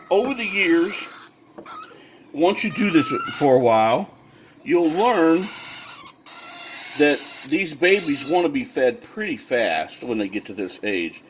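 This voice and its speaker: A man's voice: on the high side, a little hiss or hum. A man who breeds birds gives a casual how-to demonstration, explaining step by step with lots of fillers and restarts. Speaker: bird breeder.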